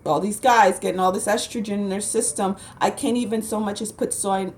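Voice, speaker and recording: Woman, chatty vlog host, animated, laughs a lot, medium pitch. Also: brisk, slight background noise. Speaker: channel host. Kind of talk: casual spiritual commentary vlog.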